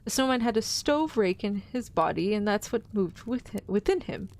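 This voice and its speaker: A woman's voice: mid-range voice, expressive, moderate pace, a little mellow. A woman vtuber hosting a stream, reading a story aloud with chatty, playful asides to her chat.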